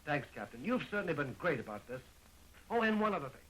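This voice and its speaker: A man's voice: a little high, very animated, pushed and bright, a little hiss or hum, low-quality recording. An actor playing a lovesick young man who jokes his way through an amateur murder investigation, in 1920s film acting on an old soundtrack. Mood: eager. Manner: fast joking patter.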